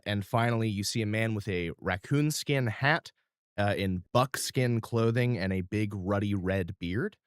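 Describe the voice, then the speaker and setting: A man's voice: on the low side, clear, resonant tone, no echo, clean studio sound. A man narrating as game master in a loose, descriptive way, with fillers.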